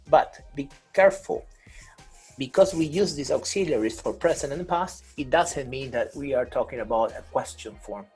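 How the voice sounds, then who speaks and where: A man's voice: medium pitch, a little mellow, breathy edge, rough recording. A man teaching an online English grammar class over a video call, patient, repeating and rephrasing with many fillers.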